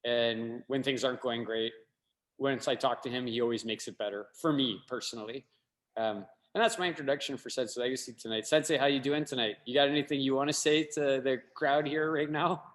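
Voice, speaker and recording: A man's voice: medium pitch, fairly even intonation, a little fast. A man co-hosting a martial arts talk show over a video call, joking and teasing. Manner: joking, teasing, heartfelt in tributes. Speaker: podcast co-host. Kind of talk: casual chat.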